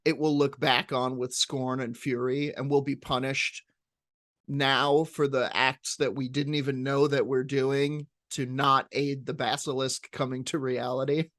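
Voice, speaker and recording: A man's voice: medium pitch, flat delivery, unhurried, fairly bright tone, no echo, clean studio sound. A man co-hosting a comedy podcast, riffing and joking in casual chat. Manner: jokey, riffing, playful voices. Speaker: podcast co-host.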